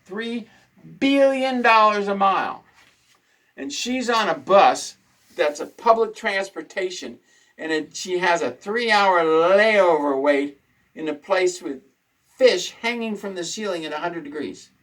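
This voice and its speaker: A man's voice: high-pitched, expressive, unhurried, a bit bright, poor audio. A man hosting a casual talk show, ranting indignantly and repeating his points for emphasis. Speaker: host.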